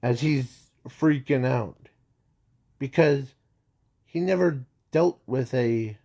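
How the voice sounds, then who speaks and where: A man's voice: medium pitch, creaky, warm tone. A man improvising a fan-fiction story aloud, stopping and restarting often and correcting himself as he goes. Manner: halting, many restarts and trailing words; says "sorry" to correct himself. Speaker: amateur storyteller.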